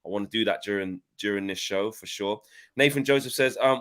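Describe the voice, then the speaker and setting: A man hosting a casual panel show, reading out viewer messages in a relaxed, chatty, slangy way. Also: fairly low pitch, a little fast. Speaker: host.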